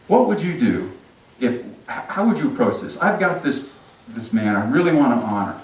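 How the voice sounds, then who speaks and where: A man voicing an impulsive ancient king who blusters and is quick to outrage. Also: medium pitch, very animated, natural voice. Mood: scheming. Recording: echoey sanctuary, distant mic.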